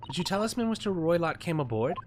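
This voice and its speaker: A man reading out a composed young woman assistant in a game, polite and measured in her questions. A steady hiss of noise runs underneath. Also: a little high, voice pushed up.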